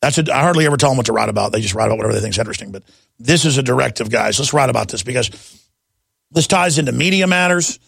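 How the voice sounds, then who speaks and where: A man's voice: mid-range voice, lively intonation, very fast, gravelly, fairly bright tone, husky, no room sound, clean studio sound. A man hosting a talk radio show, delivering an emphatic, indignant monologue and calling his listeners "folks".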